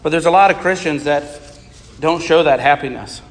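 A man preaching a sermon as pastor, reading scripture aloud and explaining it in a steady manner. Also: fairly high pitch, moderate pace, big-room sound.

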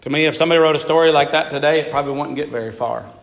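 A man's voice: fairly high pitch, rapid-fire, gravelly. Man preaching in a reverberant hall. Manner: reads scripture aloud and voices Jonah's complaints in plain speech; emphatic lists of short phrases. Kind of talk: sermon. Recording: long reverb of a large hall.

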